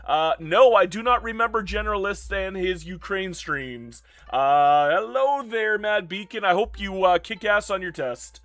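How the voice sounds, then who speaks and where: A tired, hoarse man doing chatty live gameplay commentary as a streamer, greeting his chat by name. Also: high voice, expressive, measured pace, few pauses, a bit bright, no echo.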